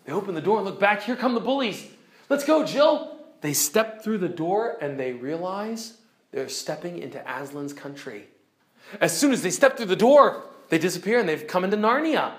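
A man retelling a children's book aloud in an expressive, animated way, swinging between loud bursts and hushed lines. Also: high-pitched, moderate pace. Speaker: storyteller.

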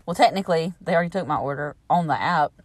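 A woman's voice: deep voice, fast talker, no room sound. A middle-aged woman, telling everyday stories in a chatty, exasperated way and laughing between remarks. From Southern United States. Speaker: podcast host. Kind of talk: casual storytelling monologue.

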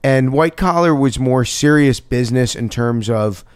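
A middle-aged man telling stories with quick, animated asides in a casual podcast chat. His voice is smooth and clear, set at an everyday pitch. The sound is dry and close, with no room around it. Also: dry recording. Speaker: guest actor.

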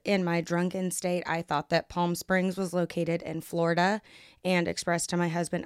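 A young woman from Kansas with an American accent tells her own story on her podcast. Her voice sits low and smooth, and the close mic leaves the sound completely dry. She talks candidly and bluntly, swears freely and acts out what others said. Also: level tone, no room sound. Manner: brisk, acts out others' lines. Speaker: podcast host. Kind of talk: casual storytelling monologue.

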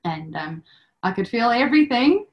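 A woman's voice: fairly high pitch, big pitch swings, normal speed, muffled recording. A young woman telling her own story as a podcast guest, chatty, with many fillers and bits of quoted dialogue. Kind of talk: personal storytelling.

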